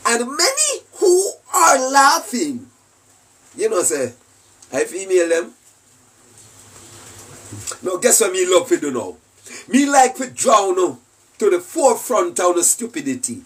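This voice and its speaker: A Jamaican man rants slowly in a husky voice, swinging his pitch up and down as he fires off rhetorical questions and laughs mockingly. He preaches like a self-styled spiritual commentator, recorded from a little way off the mic. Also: wildly swooping pitch, a bit bright, recorded from a distance. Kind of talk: rambling monologue.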